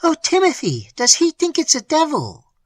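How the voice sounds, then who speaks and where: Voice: medium pitch, huge pitch swings, moderate pace, a bit bright, slightly rough, no room sound, voice pushed up, exaggerated voice. A narrator voicing a frightened, pious middle-aged woman, the wife of a clergyman, in a classic storybook reading.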